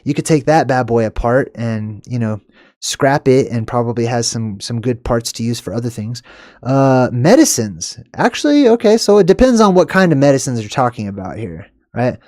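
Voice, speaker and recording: A man hosting an excited commentary on clips, emphatic and animated, with sharp upward jumps on stressed words and lots of "okay" and "all right". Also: mid-range voice, moderate pace, no room sound, clean studio sound. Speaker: video host.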